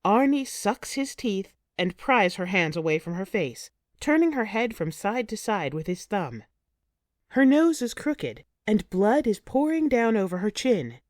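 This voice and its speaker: A woman narrating an audiobook in the first person with expressive, emotive storytelling. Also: medium pitch, no room sound, studio quality.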